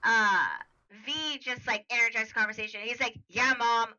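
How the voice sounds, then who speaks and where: A woman's voice: fairly high pitch, moderate pace, bright, forceful tone, highs cut off. A woman narrating a tabletop game as game master, rambling with many fillers. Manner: rambling, filler-heavy, laughing.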